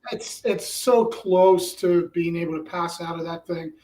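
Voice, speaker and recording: A man's voice: on the high side, fairly even intonation, measured pace, warm tone. A man co-hosting a casual livestream Q&A as an exam tutor, giving brief, agreeable replies. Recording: echoey, distant mic.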